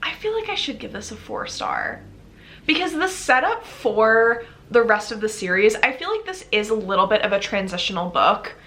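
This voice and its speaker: A woman's voice: a little high, sing-song, normal speed, fairly bright tone. A young woman chatting casually in a reading vlog, bubbly and gushing, with lots of "like" fillers. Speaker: book vlogger.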